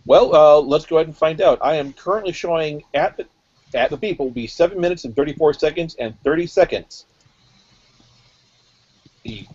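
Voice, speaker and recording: A man casually hosting a live online drawing event, reading out each artist's assignment slowly and plainly. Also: on the high side, a little mellow, slightly rough, muffled recording.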